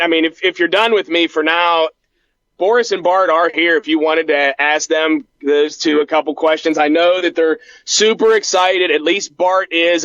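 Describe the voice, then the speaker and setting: Lively high-voiced male podcast guest. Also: no echo, muffled recording. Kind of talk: casual podcast chat.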